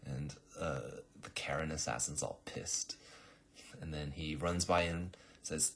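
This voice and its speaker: A man with a very low, husky voice rambles through a storyboard pitch. He retells each scene casually, leaning on fillers like "uh" and "like". The tone is loose and conversational. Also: fairly even intonation, measured pace, a bit bright. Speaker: animatic pitch narrator. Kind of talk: casual walk-through narration.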